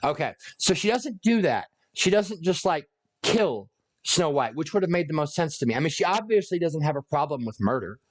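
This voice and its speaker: A man ranting about a movie, sarcastic, profane and rambling. His voice sits a little high for a man. He talks off the cuff, with lots of restarts and asides. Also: very animated, moderate pace. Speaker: video creator. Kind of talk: unscripted movie rant.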